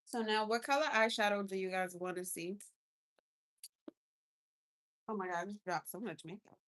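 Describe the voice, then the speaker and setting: A woman's voice: medium pitch, fast talker, a bit bright. A young woman doing a casual makeup livestream from her car, talking effusively with viewers and reacting to gifts. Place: inside a car.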